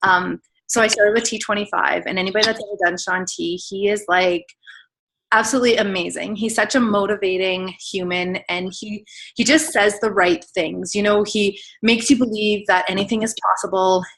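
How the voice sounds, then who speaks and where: A woman's voice: medium pitch, steady tone, moderate pace, a bit bright, poor audio. A woman in her thirties telling her own story on a team call, candid and emotional, chatty with lots of filler words. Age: 30s. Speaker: guest telling her weight-loss story. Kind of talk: personal testimonial on a team call.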